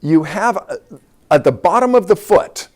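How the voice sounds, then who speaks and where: A man's voice: high voice, expressive, moderate pace, darkish tone. A man, a doctor guest, explaining step by step in an interview.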